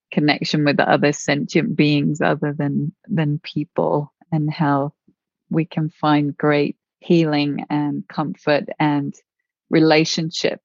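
A woman interviewer with a low voice speaks slowly and gently, affirming her guest. Her delivery stays even and flat, heard through a dull, slightly lo-fi recording with a dry sound. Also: dry recording. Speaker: interviewer, host. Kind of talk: conversational interview.

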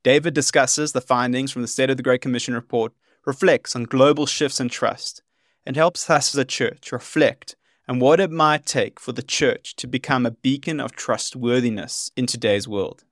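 Male host reading a scripted intro, mid pitch, dry close mic. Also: normal speed, no room sound. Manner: steady read-out delivery. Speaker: podcast host.

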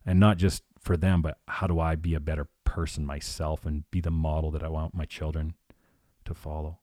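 A man's voice: a bass voice, flat delivery, moderate pace, dark tone, dry recording, studio quality. A man in his forties, a coach, talking earnestly and reflectively as an interview guest, often restarting his phrases. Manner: reflective, earnest, repeats himself. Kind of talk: conversational interview.

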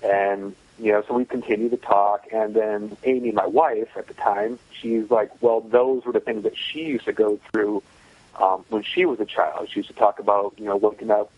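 A man's voice: on the low side, fairly even intonation, moderate pace, no echo. Guy telling a story, matter of fact, lots of you know, dry kinda dull audio. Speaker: guest telling a personal story. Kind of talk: casual storytelling.

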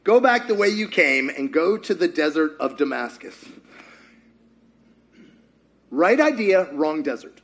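A male pastor preaches with animated energy, tossing rhetorical questions out to the room. His voice sits high for a man and swings between loud bursts and softer asides. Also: a little slow, long pauses. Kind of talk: sermon.

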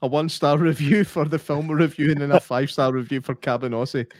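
A Scottish man co-hosting a podcast, reviewing a film in casual chat and teasing his co-host with quick jokes. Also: on the high side, little pitch movement, darkish tone, dry recording, clean studio sound. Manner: joking, quick teasing banter.

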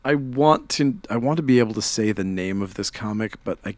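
A man's voice: fairly low pitch, brisk, few pauses. A man with a Chicago accent, hosting a casual chat and reading through new comic releases with frequent laughs. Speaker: comic shop podcast host.

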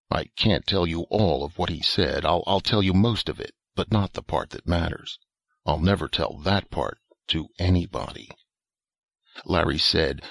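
Very deep, gravelly, husky male narrator, measured first-person storytelling. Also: a bit bright, no echo.

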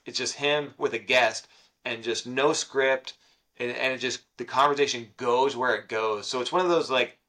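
A man's voice: mid-range voice, pushed and bright. A man co-hosting a podcast in easygoing casual chat, talking in loose run-on thoughts. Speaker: podcast co-host.

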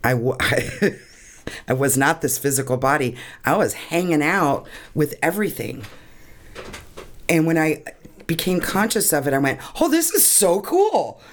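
A woman's voice: low-pitched, a little slow, slight background noise. Emotional woman telling a personal story. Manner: earnest, emotional, laughs often. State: tearing up. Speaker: guest.

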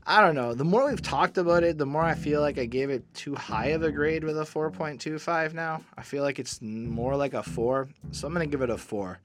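A man's voice: on the high side, a little fast, few pauses. A man hosting a music review, chatting casually and loosely with frequent fillers and swearing. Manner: loose, profane, full of "like" fillers. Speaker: music review podcast host. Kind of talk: casual album review chat.

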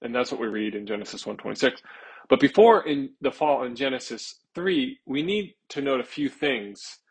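Male pastor, earnest sermon delivery, gravelly and husky tone. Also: medium pitch, animated, low-quality recording. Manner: earnest, stretching key words slowly for emphasis.

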